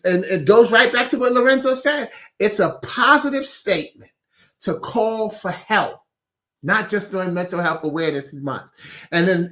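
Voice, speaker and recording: A man with a high-sitting, fairly bright voice hosts a weekly inspirational message. It's a casual motivational talk, chatty in tone, where he laughs at his own wordplay and reads out viewer comments.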